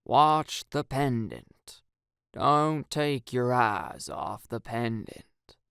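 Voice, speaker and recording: A man voicing an excited teenage boy who chants hypnosis lines in a slow monotone. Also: medium pitch, creaky, clear, resonant tone, dry recording, studio quality, heavily acted.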